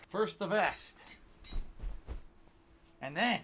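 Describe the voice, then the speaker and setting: A man hosting his own livestream in casual chat, animated and talkative, jumping from loud outbursts to low grumbles. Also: slight background noise. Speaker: livestream host.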